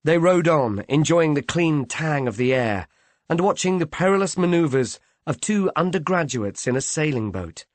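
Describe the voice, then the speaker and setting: A man narrating a classic mystery novel in an expressive, measured reading. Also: a little high, no echo. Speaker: audiobook narrator. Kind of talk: scripted narration.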